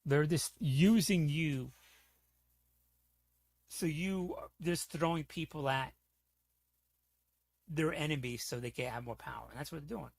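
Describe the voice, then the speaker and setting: A man holds forth on his livestream, his voice gravelly at the edges and the sound dry and close. He rants in a heated, profane, rambling way. He keeps checking in with the listener as he goes. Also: on the high side, measured pace, long pauses, dry recording. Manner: heated, profane, rambling, repeats "you know what I'm saying". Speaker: streamer. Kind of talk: casual livestream rant.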